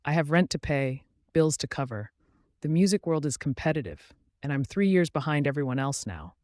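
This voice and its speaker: A grieving young waitress who once lived for the violin, voiced plainly by a man. She speaks softly and hesitantly, tired and resigned. The sound is dry and close. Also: on the high side, expressive, moderate pace, dry recording, close to an everyday voice. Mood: sad, resigned.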